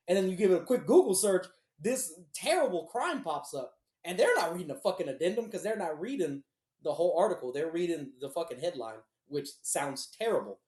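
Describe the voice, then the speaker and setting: A man co-hosting a podcast, telling a personal story in casual, profane, animated chat. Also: high-pitched, a little fast, roomy sound. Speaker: podcast co-host.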